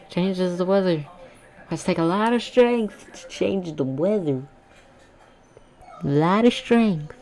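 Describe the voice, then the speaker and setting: Low-voiced woman rambling through a story. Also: mellow. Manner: rambling, jokey, self-correcting. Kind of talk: casual fan-fiction retelling.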